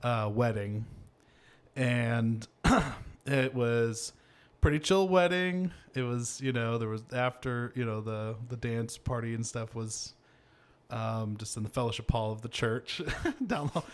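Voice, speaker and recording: A man's voice: medium pitch, animated, a little slow. A man hosting a podcast in casual chat, telling stories in a rambling way with lots of fillers and laughter. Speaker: podcast host.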